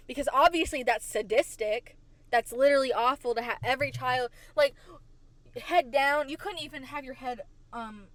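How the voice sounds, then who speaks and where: A woman hosting a podcast, telling stories from her childhood in a chatty, animated way and repeating phrases for emphasis. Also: on the high side. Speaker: podcast host. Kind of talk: casual storytelling. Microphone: desk microphone.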